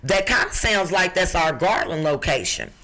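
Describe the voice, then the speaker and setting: Woman from chicago with a rough low voice, bright and forceful, bossing her listeners about job listings on a podcast. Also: animated, normal speed. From Chicago, USA. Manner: emphatic, bossy, talks back to co-hosts. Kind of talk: lively podcast talk.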